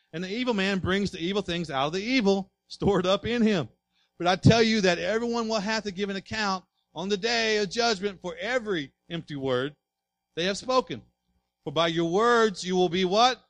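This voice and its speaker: A male pastor preaching in a high voice. He swings from soft asides to loud, driving passages and keeps asking the congregation questions. The sound is dry and close. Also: no room sound. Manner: asks the congregation rhetorical questions. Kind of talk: sermon.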